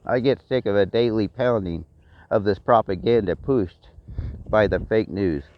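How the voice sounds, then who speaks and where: A man's voice: on the low side, moderate pace. Angry profane Texan man ranting. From Texas. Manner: blunt and profane, repeats himself. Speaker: vlogger. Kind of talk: angry personal rant. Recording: dry, dull lo-fi sound.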